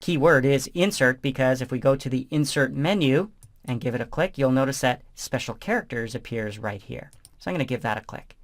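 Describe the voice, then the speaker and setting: A man narrating a software tutorial as instructor, explaining each step in a relaxed, conversational way. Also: medium pitch, brisk.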